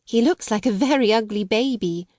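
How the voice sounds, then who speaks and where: A woman reading an audiobook, voicing an earnest, gentle and polite young girl who speaks eagerly and tenderly. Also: on the high side, lively intonation, moderate pace, no room sound, studio quality, natural voice. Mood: musing.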